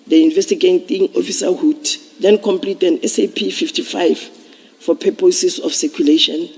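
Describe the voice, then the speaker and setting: A man testifying as a police officer at a commission hearing, explaining procedure in a measured way with some restarts. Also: high voice, steady tone, gravelly, a little mellow, breathy edge. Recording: long reverb of a large hearing room.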